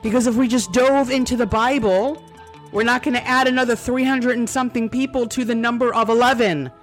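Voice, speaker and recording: A woman's voice: fairly high pitch, fairly even intonation, a little fast, faint music behind. A woman reading Bible verses aloud as a commentary host and breaking off into sarcastic, exclamatory asides.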